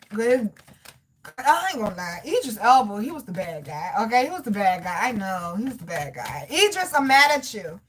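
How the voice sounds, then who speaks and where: A woman's voice: a little high, heavy background noise. A woman, chatting casually and animatedly as a tarot reader talking straight to her viewers. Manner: animated, loud laughs, swearing, addresses viewers as y'all and baby. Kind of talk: casual livestream chat.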